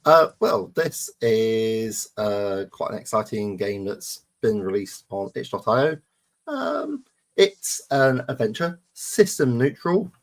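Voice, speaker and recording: Panelist, male, mid pitch, relaxed and halting, casual talk. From United Kingdom. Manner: easygoing, hesitant, many ums. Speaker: panel co-host.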